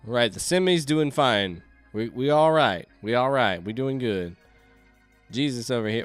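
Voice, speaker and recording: A man giving excitable let's-play commentary, yelping and laughing as things go wrong on screen. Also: medium pitch, moderate pace, faint music behind. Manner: excitable, yelps and laughs at chaos. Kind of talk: game commentary.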